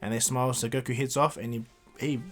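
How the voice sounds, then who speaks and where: A man retells a cartoon story in a casual, rambling way, stumbling through fillers and restarts. His voice sits in an ordinary middle pitch. Faint music plays underneath. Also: fairly even intonation, fast, a bit bright.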